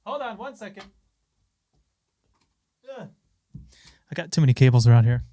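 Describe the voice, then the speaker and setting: A man's voice: a little high, very animated, normal speed, warm tone, no room sound. Breathless, chatty streamer man. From Los Angeles. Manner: loose, chatty, talks to viewers by name. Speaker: streamer and session bassist. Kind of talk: casual live-stream chat. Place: home studio. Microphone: studio microphone.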